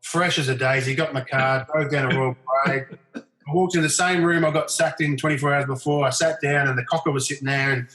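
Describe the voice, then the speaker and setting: Casual storytelling from a middle-aged Australian podcast guest, delivered a little fast at medium pitch. He animates his anecdotes by performing others' lines in livelier, raised voices, and the recording carries a roomy echo.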